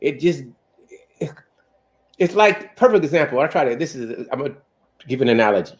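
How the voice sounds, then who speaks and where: A man hosting a casual chat, telling jokey, animated stories. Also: medium pitch, normal speed, pauses often. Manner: animated, joking storyteller. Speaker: host.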